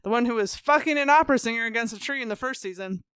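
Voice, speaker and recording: Woman, podcast co-host, bright clear voice, dry close sound, joking profane recap, casual chat. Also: on the high side, dry recording. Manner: fast, profane, joking storyteller.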